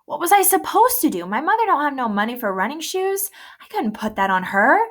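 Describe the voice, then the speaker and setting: A woman's voice: sits high, very animated, brisk, a bit bright, voice pushed up. A woman voicing a teenage boy who talks back in a raw, defensive way. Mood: defiant. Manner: raw, pushing back hard.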